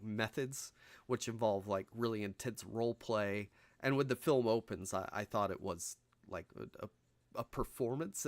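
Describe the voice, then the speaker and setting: A man with a lowish voice talks casually on a podcast, wandering through his points with fillers and self-corrections. His voice is recorded close and dry, with no room sound. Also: no echo. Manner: rambling with frequent fillers and restarts, laughs through his points. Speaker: podcast co-host. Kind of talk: casual film discussion.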